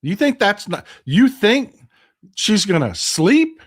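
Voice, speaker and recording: A man with a Texan accent hosting a casual political live stream, reading viewer comments and swinging from loud outrage to quiet, hushed replies. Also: high voice, very animated, slow pace, breathy edge.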